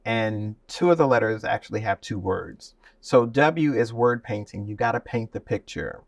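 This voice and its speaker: A man speaking as a guest and voice teacher in an interview, lively and demonstrative, often laughing. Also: on the low side, normal speed, gravelly, dry recording, distant mic. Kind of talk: animated interview talk with spoken demonstrations.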